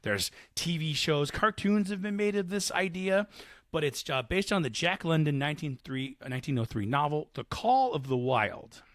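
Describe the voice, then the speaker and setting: A man's voice: on the high side, expressive, moderate pace, a bit bright, no room sound, studio quality. A man in his thirties co-hosting a podcast, talking enthusiastically and rambling, often cutting himself off. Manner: rambling, enthusiastic, self-interrupting. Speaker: podcast co-host. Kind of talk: casual chat.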